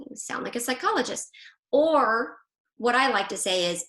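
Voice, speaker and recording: A woman hosting a women's group on a video call, talking in a casual, animated way and laughing easily. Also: fairly high pitch. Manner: chatty, animated, quick to laugh. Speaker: Christian marriage coach hosting a women's group. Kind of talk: casual live online coaching talk. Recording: roomy echo.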